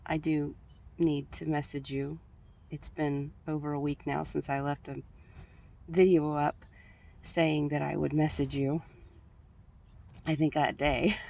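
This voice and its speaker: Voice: medium pitch, vocal fry, darkish tone. A flustered vlogger rambling in a casual monologue at home, often stopping mid-sentence and laughing at their own jokes. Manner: flustered, rambling, self-interrupting. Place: at home, just woke up. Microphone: recording only audio, no video.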